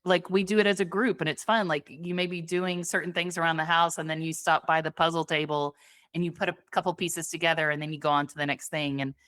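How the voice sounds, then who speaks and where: Young woman podcast co-host, lower voice, dry close sound, casual and giggly. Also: steady tone, fast talker, fairly bright tone, no echo. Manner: chatty, laughs often, lots of fillers. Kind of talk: casual chat.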